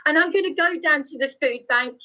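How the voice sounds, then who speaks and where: A woman's voice: high voice, a little fast, sharp tone. A distraught woman from England, pouring out her troubles on a phone call, stammering through restarts and raising her voice. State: distraught, near tears. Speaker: caller.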